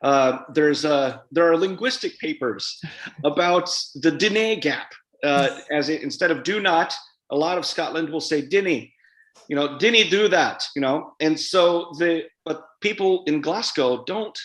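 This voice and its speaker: A man's voice: on the high side, measured pace. Chatty man in a roomy hall. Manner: chatty, rambling, frequent fillers and restarts. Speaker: author guest. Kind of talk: live event interview.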